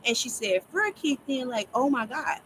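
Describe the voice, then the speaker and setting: A woman casually telling a long story to her viewers, rambling and animated, often laughing as she talks. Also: a little high, normal speed, a little hiss or hum, poor audio. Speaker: storyteller vlogger.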